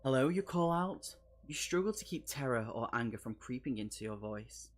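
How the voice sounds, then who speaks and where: A man's voice: medium pitch, animated, normal speed. A man on a live stream, reading a solo gamebook aloud and breaking off for jokey asides and laughs. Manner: chatty and jokey, laughing asides between read passages.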